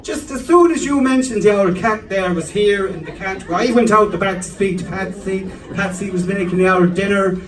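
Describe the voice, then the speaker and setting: A man voicing his fussy, excitable mum, raised high and fluttery, in a live stand-up set. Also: normal speed, hardly any pauses, a crowd in the background, natural voice. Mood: gushing. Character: fussy middle-aged mum fussing over a cat. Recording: echoey club room from a distance.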